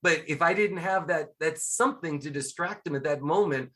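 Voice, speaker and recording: Lively middle-aged man telling stories. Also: a little high, normal speed. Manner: lively storyteller, acts out quotes. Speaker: guest, scuba instructor and magician. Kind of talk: casual interview chat.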